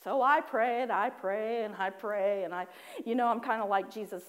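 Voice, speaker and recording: A woman preaching a personal testimony, animated in her storytelling, acting out her own prayers with laughing asides. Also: mid-range voice, moderate pace. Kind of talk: sermon testimony.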